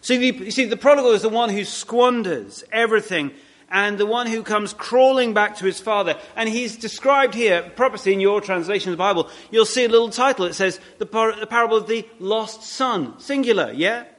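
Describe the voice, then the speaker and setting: A man preaching a sermon in a conversational way, with many restarts and asides, slowing down to stress his key points. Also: sits high, fairly bright tone.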